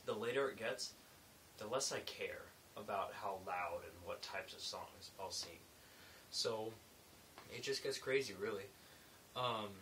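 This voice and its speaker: Guy a bit far from the mic, soft hiss behind, chatting loosely about his construction job. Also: fairly low pitch. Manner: rambling, loose, with many fillers. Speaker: construction laborer vlogger. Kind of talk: casual late-night storytelling. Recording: faint hiss, mic set back.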